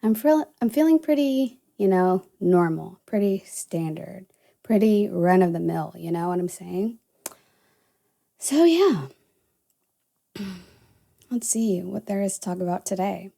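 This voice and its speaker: A woman's voice: medium pitch, expressive, unhurried, creaky, pauses often, mellow. A young woman from the American South, without a Southern accent, hosting a casual solo podcast and rambling with lots of "you know" and "uh". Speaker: podcast host.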